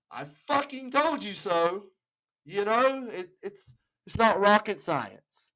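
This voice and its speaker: A man's voice: sits high, fairly bright tone, rough recording. Male host delivering a heated, swearing rant from home. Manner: angry, profane, heavy emphasis. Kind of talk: ranting commentary. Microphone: home setup.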